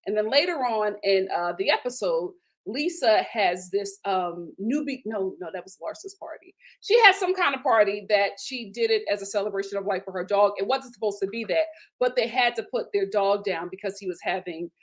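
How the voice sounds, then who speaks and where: A woman hosting a casual TV recap, animated and indignant, her voice jumping up high when she gets outraged. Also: normal speed. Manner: casual, with fillers and slang. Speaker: host. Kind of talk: live TV recap commentary.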